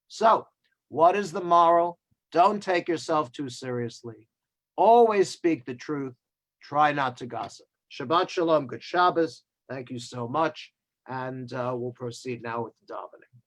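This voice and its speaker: Rabbi, male, wry storyteller, slightly high voice, video call sermon. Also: unhurried, poor audio. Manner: wry, joking asides.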